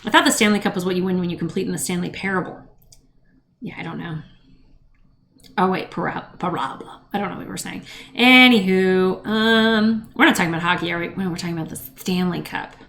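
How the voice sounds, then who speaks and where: A woman's voice: lowish voice, brisk, creaky, fairly bright tone, slight background noise. A middle-aged woman hosting a podcast, chatting casually and wryly, rambling with asides. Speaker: podcast host. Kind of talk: casual chat.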